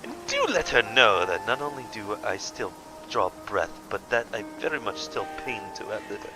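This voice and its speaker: A man's voice: fairly low pitch, sing-song, moderate pace, music in the background, rough recording. Brief: male streamer voicing a friendly, talkative small-town guide, breezy and teasing. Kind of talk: reading a game character's lines.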